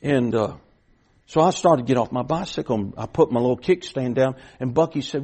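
A man's voice: mid-range voice, brisk, a little mellow, slightly rough. A middle-aged man preaching a sermon, telling a folksy story with repeated starts that builds to emphatic points.

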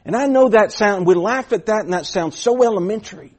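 A man's voice: sits high, fairly quick, a little mellow. A middle-aged man preaching a sermon, telling a folksy story with repeated starts that builds to emphatic points.

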